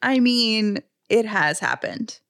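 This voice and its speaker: A woman co-hosting a podcast in casual chat, animated and chatty, quick to get worked up. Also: a little high, vocal fry, heavy background noise. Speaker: podcast co-host.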